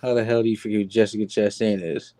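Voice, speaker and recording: A man's voice: fairly low pitch, flat delivery, fast, warm tone, dry recording. A man in casual podcast chat, bantering in a wry, mock-formal way.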